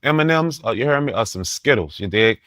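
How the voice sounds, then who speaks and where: A man telling a casual story in street slang as a podcast guest, laughing and animated, often asking if you follow him. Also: mid-range voice, fairly quick, no room sound, studio quality.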